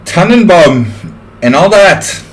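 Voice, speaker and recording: A man's voice: high-pitched, expressive, takes it slowly. A man voicing a goofy German blogger from the Black Forest, with a put-on German accent and a hammy, self-mocking delivery.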